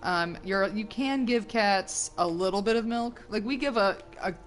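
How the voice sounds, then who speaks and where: A woman's voice: mid-range voice, moderate pace, faint music behind. Woman, game stream co-host, giggly, chatty, playful, desk mic. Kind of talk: casual chat. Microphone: desk microphone.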